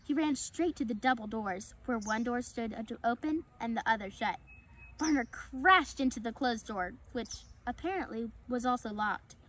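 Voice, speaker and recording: A woman's voice: a little high, expressive, moderate pace, a bit bright, rough recording. Woman reading a children's story aloud. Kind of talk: storybook read-aloud narration.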